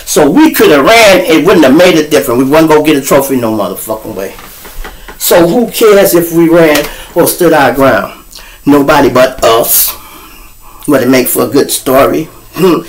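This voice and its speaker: A man's voice: mid-range voice, expressive, normal speed, slight background noise, poor audio. A middle-aged man, the host, telling street stories in a casual, profane monologue aimed straight at his viewers. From Chicago. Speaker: storyteller host.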